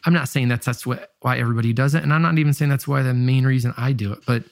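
A man's voice: medium pitch, steady tone, racing, gravelly, no room sound, clean studio sound. A pastor and musician with a nasal Michigan accent, talking candidly and reflectively in an interview, often restarting his sentences. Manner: candid, self-questioning, many restarts. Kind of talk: reflective casual interview talk.

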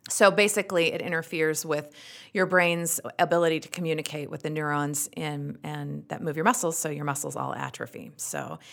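A woman's voice: low-pitched, animated, moderate pace, gravelly, a bit bright. A woman with a Utah accent, speaking as a podcast guest and telling personal stories in a frank, wry way. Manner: frank, wry, trails off into quoted asides. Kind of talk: candid conversational storytelling.

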